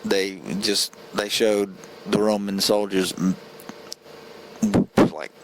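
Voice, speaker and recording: A man talks through a film review in a loose, casual way, earnest and rambling, tripping over his words and restarting his sentences. His voice sits fairly low. Faint background noise hums under the recording. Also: little pitch movement, slow pace, rough recording.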